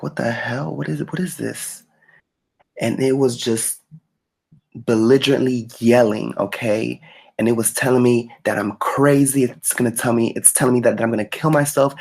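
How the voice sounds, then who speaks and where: A man's voice: mid-range voice, vocal fry. A man co-hosting a talk show, animatedly retelling a personal experience with casual profanity. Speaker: co-host. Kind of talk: casual storytelling.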